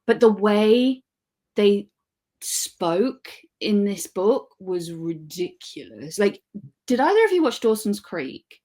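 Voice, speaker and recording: A woman in her thirties co-hosts a podcast, chatting casually and enthusiastically about books she's read and often correcting herself mid-sentence. Her mid-range voice swings widely in pitch, moving slowly with a somewhat mellow quality.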